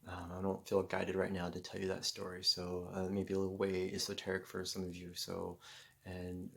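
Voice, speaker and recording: A man telling a personal story in a casual, rambling way, full of fillers and loud acted-out exclamations. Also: sits low, monotone, normal speed, vocal fry. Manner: acts out moments with loud shouted exclamations.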